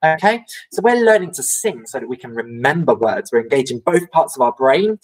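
A woman's voice: a bass voice, lively intonation, fairly quick, slightly rough, low-quality recording. A woman who teaches music to young children, singing call-and-response songs and explaining them in a friendly, chatty way. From England. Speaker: primary school music teacher. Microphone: recorded at home for a video lesson.

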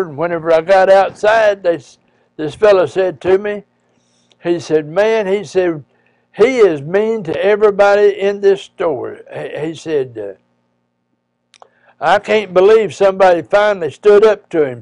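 A man, a preacher, telling a personal story in a folksy, halting way with frequent pauses and restarts. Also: sits high, a little mellow, no echo.

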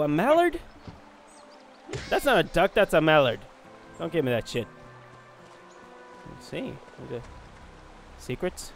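A man joking and swearing his way through a fantasy game in casual let's-play commentary. His voice sits a little high and swings widely. Game music hums faintly behind. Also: gravelly. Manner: joking, profane, excitable. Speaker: gaming video host.

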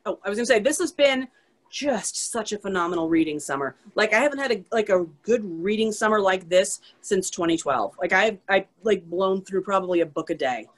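A woman's voice: medium pitch, lively intonation. Chatty woman author on a video call. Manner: chatty, self-deprecating, fast tangents. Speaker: author guest. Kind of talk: casual chat on a virtual author event.

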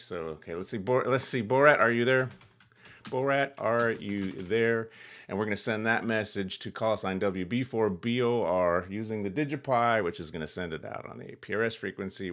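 Guy with a lowish voice rambling thru a ham radio demo, lots of ums and little laughs. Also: fairly bright tone. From California. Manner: rambling, chuckling, lots of fillers. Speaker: ham radio channel host. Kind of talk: casual demo vlog.

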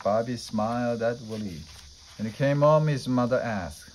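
A man reading a children's story aloud in a steady, plain way. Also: medium pitch, moderate pace, a little hiss or hum, low-quality recording. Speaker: storybook reader.

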